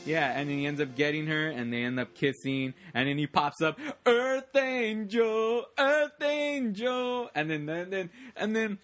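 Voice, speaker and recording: Casual co-host, a man with a fairly high voice who rambles and acts out scenes. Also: a little fast, hardly any pauses, fairly bright tone, soft background music. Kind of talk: casual chat about a movie.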